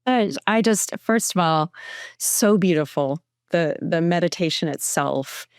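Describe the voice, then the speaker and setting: A woman hosts a podcast interview in a soft, admiring manner, and she sometimes stumbles as she restarts a thought. Her voice sits a little low, and the sound is close and dry. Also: lively intonation, a little slow, clean tone, dry recording. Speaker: podcast host.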